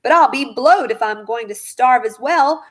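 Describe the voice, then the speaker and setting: A woman voicing a bossy, nasty old grandmother who shouts and scolds. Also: high-pitched, big pitch swings, measured pace, pitched above the performer's own voice. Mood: demanding. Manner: loud, scolding, demanding.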